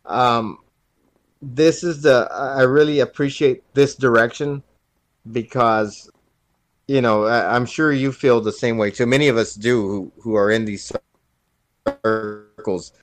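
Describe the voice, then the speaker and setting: A man co-hosting a podcast in casual chat, halting and often restarting his sentences. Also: mid-range voice, fairly even intonation, no echo. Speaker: podcast co-host.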